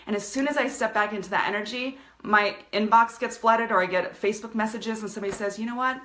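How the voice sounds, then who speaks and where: A woman's voice: on the high side, fast, hardly any pauses, a bit bright, reverberant. A woman giving a passionate motivational talk on a live video stream, speaking as a coach to her viewers. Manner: passionate, fired-up motivational delivery. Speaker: business coach.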